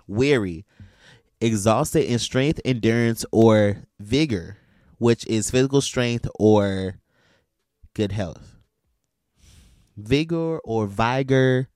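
A man's voice: fairly low pitch, darkish tone, no echo, clean studio sound. A man hosting a casual faith podcast, talking loosely with lots of fillers and restarts. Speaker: podcast host.

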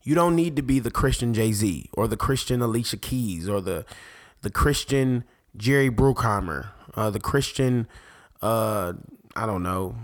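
Excitable rambling man hosting a podcast. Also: fairly low pitch, a little slow. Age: adult parent. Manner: excitable, rambling, self-interrupting. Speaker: podcast host. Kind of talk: casual faith podcast monologue.

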